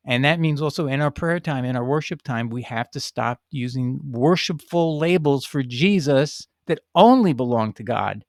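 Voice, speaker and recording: A man's voice: medium pitch, expressive, measured pace, dry recording. Emphatic, argumentative man, dry close sound. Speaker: video host answering a viewer. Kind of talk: reading a letter and commenting.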